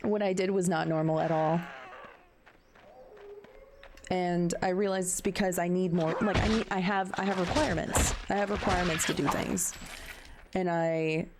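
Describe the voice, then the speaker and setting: A woman in her thirties talking candidly in casual chat, questioning herself and halting with fillers. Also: lowish voice, fairly even intonation, noisy background. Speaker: stream co-host.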